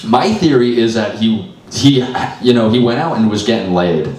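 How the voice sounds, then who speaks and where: A man's voice: on the low side, moderate pace, a little mellow. A young man doing loose, self-deprecating stand-up at an open mic, swearing often and sounding frazzled. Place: small comedy venue. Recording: echoey room, mic far off.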